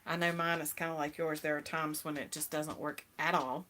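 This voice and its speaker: A woman's voice: sits low, level tone, fairly quick, slight background noise. A middle-aged woman hosting a casual live-stream chat, talking with viewers and laughing often. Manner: chatty, laughs often, greets viewers brightly. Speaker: host.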